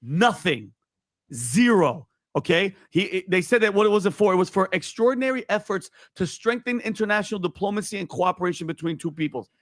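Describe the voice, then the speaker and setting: A man's voice: high-pitched, animated, a little fast, no echo, clean studio sound. A man co-hosting a political panel, arguing points and punctuating them with "okay?". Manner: argumentative, peppers points with "okay?".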